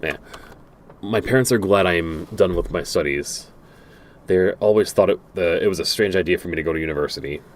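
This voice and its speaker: A deep-voiced man streams a game at a brisk pace. He reads its messages and letters out loud, stumbling and restarting frequently and making dry side comments.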